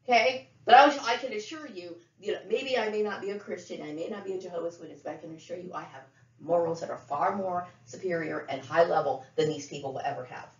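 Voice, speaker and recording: A middle-aged woman speaking in a fairly low voice, ranting bluntly and profanely and circling back to the same points. Her words ring around a roomy space. The sound is dull and lo-fi. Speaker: vlogger. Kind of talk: unscripted monologue to camera.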